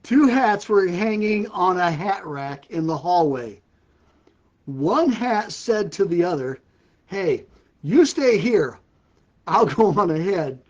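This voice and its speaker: Through a live-stream setup with the highs cut off, an older ministry host keeps cracking puns and laughing at his own jokes during a casual stream. His voice sits high but has a darkish tone.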